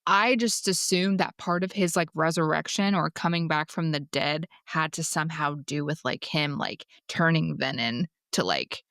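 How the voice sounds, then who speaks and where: Young woman, podcast co-host, casual chat, hesitant, slightly low voice. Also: moderate pace, hardly any pauses, fairly bright tone, no echo, studio quality. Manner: hesitant, questioning.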